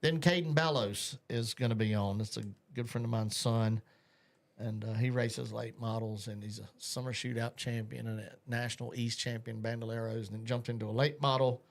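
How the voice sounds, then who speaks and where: A man's voice: mid-range voice, steady tone, moderate pace, vocal fry. A man hosting a live talk show, chatting loosely, joking and reading out viewer comments. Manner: rambling, jokey, reads out viewer comments. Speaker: host. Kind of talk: casual live show chat.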